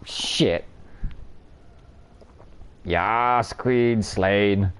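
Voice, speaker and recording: A man's voice: lowish voice, lively intonation, a little slow, pauses often, a little mellow, soft background music. A man streaming a card game live, commenting on his plays and bantering with viewers while cursing freely. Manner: banter-filled, swears freely, teases chat.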